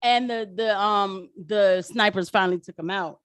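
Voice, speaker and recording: A woman's voice: medium pitch, moderate pace, clean tone, no echo. Woman streamer giving slangy live commentary, dry close mic, voice in the middle range. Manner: animated, slangy, laughs often.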